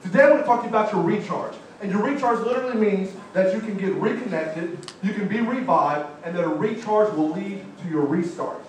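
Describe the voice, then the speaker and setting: High-pitched male motivational speaker, lively storyteller, distant and echoey in a large hall. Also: fairly quick, few pauses, a little hiss or hum. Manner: animated storytelling with audience call-outs. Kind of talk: live motivational speech. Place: large college event hall.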